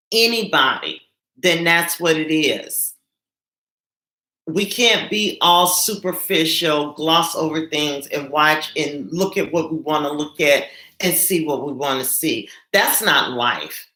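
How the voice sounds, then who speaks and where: A nurse hosting a live stream from home, speaking earnestly and stumbling over repeated words when upset. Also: female voice, deep voice, pushed and bright, roomy sound. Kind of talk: emotional live-stream talk to viewers.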